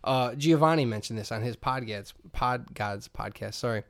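A man's voice: medium pitch, normal speed. A man from northwest Indiana co-hosting a podcast, joking and sarcastic in casual chat. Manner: joking, sarcastic, laid-back. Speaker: podcast co-host.

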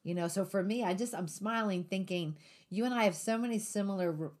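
A woman's voice: medium pitch, a little fast, darkish tone. A woman hosting a Christian talk show, reflecting on her own story with light humor before turning to scripture teaching. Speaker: host. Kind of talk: faith-based podcast chat.

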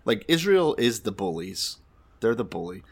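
A man's voice: lowish voice, very animated, normal speed, slightly rough. A man co-hosting a casual comedic chat, retelling a scripture story wryly with swearing and laughter. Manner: wry, swearing, laughs often. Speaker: podcast co-host.

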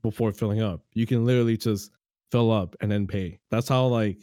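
A man's voice: lowish voice, fairly even intonation, fairly quick, warm tone, no echo, studio quality. A man chatting casually on a podcast, telling loose stories and acting out the people in them, laughing easily. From Canada. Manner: loose storytelling, laughs easily, acts out quoted voices.

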